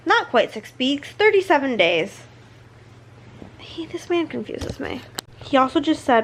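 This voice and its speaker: Chatty excitable woman book vlogger. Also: high-pitched, a little slow, long pauses, slight background noise. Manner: chatty and excitable, reacting as she reads. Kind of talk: casual reading vlog commentary.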